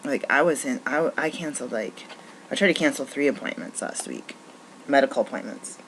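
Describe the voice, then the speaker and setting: A woman's voice: a bass voice, animated, a little fast, slight background noise, low-quality recording. Frustrated woman venting. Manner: frustrated, rambling, many restarts. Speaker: naturopathic doctor. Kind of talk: venting monologue.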